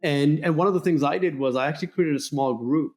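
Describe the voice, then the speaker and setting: A middle-aged man hosting a podcast interview, talking earnestly in a motivational way and acting out remembered dialogue with lively emphasis. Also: on the high side, quick pace. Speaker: podcast host. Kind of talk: conversational interview.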